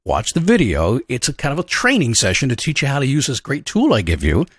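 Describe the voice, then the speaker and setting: Lively, fast-talking motivational man. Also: mid-range voice, slightly rough, no room sound, studio quality. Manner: energetic, conversational, acts out questions and a dog's thoughts. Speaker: motivational coach and podcast host. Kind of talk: upbeat motivational monologue.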